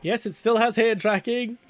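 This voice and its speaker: A man's voice: high voice, a little slow, vocal fry, soft background music. A man streaming live who chats casually, laughs often and swears freely as he talks to viewers. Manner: giggly and chatty, swears casually.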